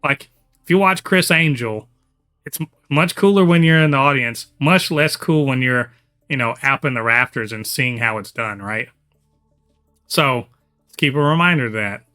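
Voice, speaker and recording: A man's voice: medium pitch, normal speed, sharp tone, clean tone, faint music behind. A man hosting a casual podcast chat, talking enthusiastically and rambling with lots of fillers. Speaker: podcast host.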